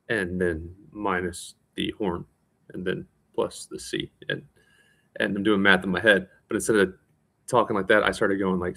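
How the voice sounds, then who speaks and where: A man with a lowish voice rambles through a casual vlog monologue, plainly tired. He mocks himself as he goes, tripping over words and starting sentences over. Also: fairly bright tone. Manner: rambling, self-mocking, with frequent restarts and laughs. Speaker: vlogger.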